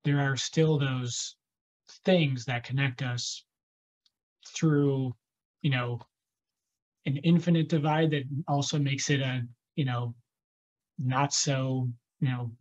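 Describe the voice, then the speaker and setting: A man's voice: mid-range voice, steady tone, slow pace, pauses often, a little mellow, dull audio. A man hosting a podcast in casual conversation, rambling along with many fillers and restarts. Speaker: podcast host.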